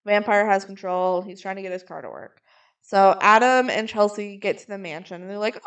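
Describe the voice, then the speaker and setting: A woman co-hosting a podcast, chatting casually as she recaps a movie and drops into quick acted quotes of its characters. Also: mid-range voice, a bit bright. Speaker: podcast co-host.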